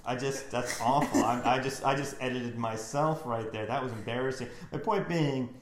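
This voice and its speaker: A man's voice: medium pitch, normal speed, roomy sound, slight background noise. A man co-hosting a podcast, stammering through restarts and cracking dry jokes in casual chat. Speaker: podcast co-host.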